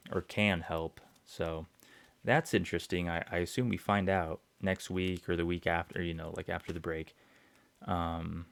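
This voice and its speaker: A man's voice: low-pitched, clean tone, no echo. A young man hosting a podcast, rambling through an episode recap with lots of fillers, swearing and chuckles. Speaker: podcast host.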